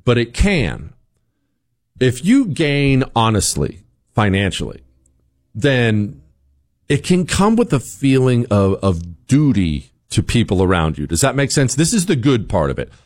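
A man's voice: mid-range voice, big pitch swings, unhurried. A man hosting a talk show, delivering an opinionated commentary monologue with sarcasm and repeated rhetorical questions. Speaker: show host.

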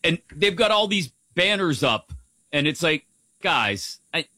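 A man's voice: a little high, sing-song, unhurried, bright, forceful tone, no room sound. A man hosting a sports radio show, talking in a rambling, sarcastic way. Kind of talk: casual sports talk.

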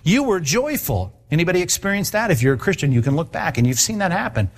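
Lively conversational male preacher. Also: on the high side, fast talker. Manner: animated, conversational preaching with acted-out voices. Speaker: pastor. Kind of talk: sermon.

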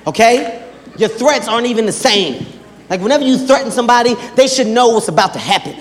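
A man performing a stand-up comedy routine, telling stories with lively acted-out quotes. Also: very high voice, a little fast. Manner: animated storytelling with acted-out quotes. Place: large live venue with audience. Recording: live hall with faint ambience.

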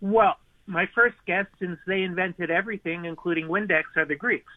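High-pitched male caller on a faint phone line. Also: steady tone, moderate pace, no echo. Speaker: radio caller. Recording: tinny, distant phone line.

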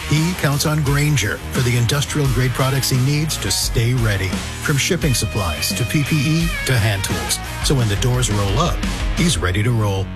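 A man narrating a storytelling commercial in a steady, earnest voice. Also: medium pitch, moderate pace, over loud music.

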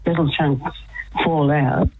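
A woman's voice: sits low, fairly even intonation, takes it slowly, a little hiss or hum. A woman guest on a radio show, speaking earnestly and laughing often as she chats. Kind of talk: casual radio chat by phone. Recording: tinny phone line.

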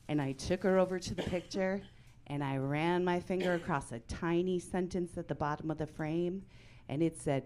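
A woman in her forties performing a stand-up comedy set, telling stories in a deadpan way that breaks into loud outbursts. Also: lowish voice, normal speed, slight background noise.

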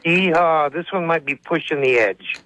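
A man's voice: fairly high pitch, moderate pace, fairly bright tone. A man calling in to a radio show to tell a joke. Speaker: radio caller. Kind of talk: telling a joke on a call-in. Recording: muffled dry phone line.

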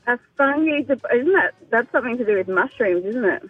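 A friendly woman caller with a high voice, chatting with the hosts over a muffled, lo-fi phone line. Faint music sits underneath the call. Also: lively intonation, fairly quick. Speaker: radio caller, contest winner. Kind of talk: casual call-in chat. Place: in a car. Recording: dull phone-line sound.

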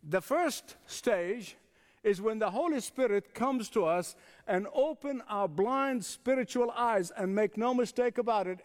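A man's voice: very high voice, long reverb tail. A man preaching a sermon with emphatic repetition, chuckling, and inviting the congregation to respond. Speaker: pastor.

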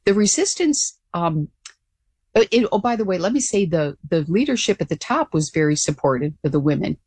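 An older woman being interviewed as a guest, telling her story in an earnest, animated way with frequent restarts. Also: fairly low pitch, a little fast, husky, no room sound. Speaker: guest, former pilot.

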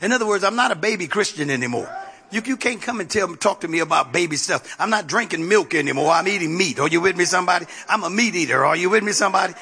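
A man's voice: high voice, lively intonation, fast, bright, forceful tone. A man preaching a sermon as pastor, repeating phrases and calling out to the congregation for response.

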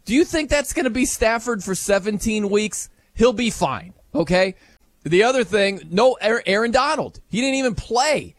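A man hosting a sports talk show, animated and incredulous, laughing as he talks. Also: high voice, normal speed, dry recording.

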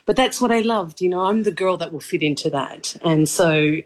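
A woman in her thirties with a mild Australian accent mixed from years abroad, an actress chatting in an interview, effusive and quick to laugh. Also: fairly low pitch. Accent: mild Australian, mixed from living abroad. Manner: effusive, laughs often, animated storytelling. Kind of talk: casual interview chat.

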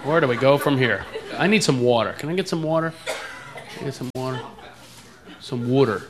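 A man's voice: medium pitch, brisk, over music. A man from the eastern United States with an East Coast accent, doing jokey stand-up about his own accent. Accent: East Coast American. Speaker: stand-up comedian. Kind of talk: stand-up routine on stage. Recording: live club with loud audience.

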